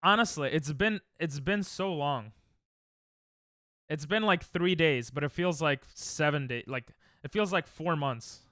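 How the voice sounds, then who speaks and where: Young male streamer, bright clear voice, animated and rambling, dry close sound. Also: a little slow, no echo. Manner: rambling, laughs often, sudden high yelps. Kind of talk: casual chat with live chat.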